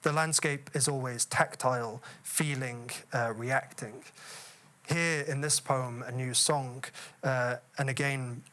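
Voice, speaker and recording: Bright-voiced man giving a measured lecture. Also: mid-range voice, fairly even intonation. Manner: measured and thoughtful, with frequent "uh" fillers; slows down to savour quoted words. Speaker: poet giving a memorial lecture. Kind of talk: academic lecture with poetry reading.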